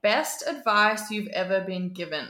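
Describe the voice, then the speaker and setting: A woman's voice: medium pitch, lively intonation, a little slow, pushed and bright. A woman hosting a casual podcast interview, asking questions and tossing in playful quips. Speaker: podcast host. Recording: roomy echo.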